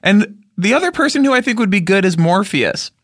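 A man's voice: sits high, animated, a little fast, fairly bright tone. A man in a casual comedic chat, eagerly reminiscing and retelling scenes.

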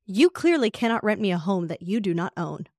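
A woman's voice: medium pitch, lively intonation, normal speed, no room sound, clean studio sound, natural voice. A woman voicing an angry, demanding female renter in her forties, reading her lines out with indignant emphasis.

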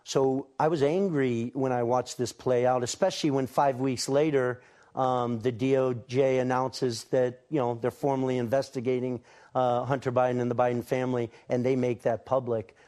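A man giving earnest, deliberate answers as a guest in a television interview. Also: medium pitch, level tone, a little mellow.

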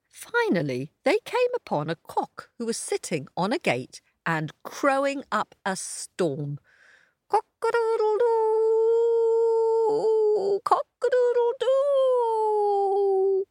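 A woman's voice: medium pitch, wildly swooping pitch, unhurried, no room sound, studio quality. A woman telling a children's story aloud and inviting young listeners to join in the animal noises.

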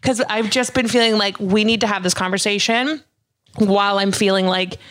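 A woman's voice: mid-range voice, fairly even intonation, normal speed, a bit bright. A woman hosting a podcast, talking in a chatty, open way with a lot of "like". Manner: chatty and open, heavy use of "like". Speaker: podcast host. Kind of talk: casual podcast chat.

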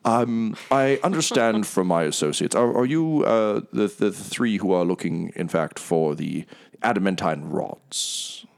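A man voicing a gregarious, smooth-talking male tiger merchant who apologizes effusively and speaks in flowery terms. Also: on the low side, animated, measured pace.

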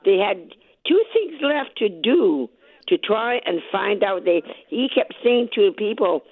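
A woman with a raspy voice calling into a radio show, telling her story with excitement and acting out both sides of each conversation. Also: mid-range voice, takes it slowly, no room sound. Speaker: caller, lottery winner. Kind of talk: phone-in radio interview. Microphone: telephone. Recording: tinny phone line.

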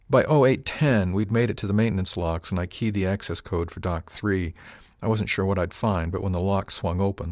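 Deep-voiced man narrating an audiobook. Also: a little mellow, no room sound, clean studio sound. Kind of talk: first-person scripted narration.

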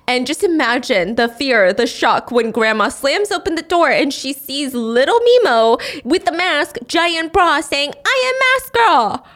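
A woman with a fairly high voice tells a drama's story in a loose, chatty way. She slips into squeaky voices for the characters' lines and then drops back to her own voice. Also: big pitch swings, unhurried, hardly any pauses, a bit bright. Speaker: show recap host. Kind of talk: casual storytelling recap.

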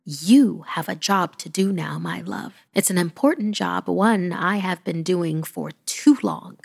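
A woman's voice: lowish voice, measured pace, creaky, breathy edge, heavily acted. Woman putting on a solemn, tender old granny. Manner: soft, solemn, firm. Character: frail elderly grandmother, stern yet loving.

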